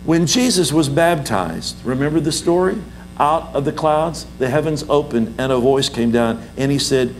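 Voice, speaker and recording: A man's voice: a little high, expressive, normal speed, a little hiss or hum, low-quality recording. A man preaching a sermon as pastor, emphatic and repetitive, leading the congregation in call-and-response.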